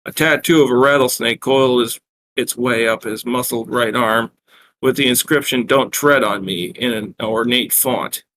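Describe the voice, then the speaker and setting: A man's voice: medium pitch, fairly even intonation, normal speed, fairly bright tone. A man reading his own wry first-person fiction aloud, with small self-corrections. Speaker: writer reading his work.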